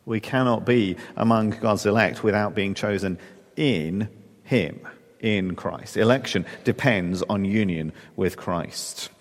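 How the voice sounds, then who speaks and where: Low-voiced man preaching in a reverberant hall. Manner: measured, explanatory, frequent "uh" fillers. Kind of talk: evening sermon. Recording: long reverb of a large hall.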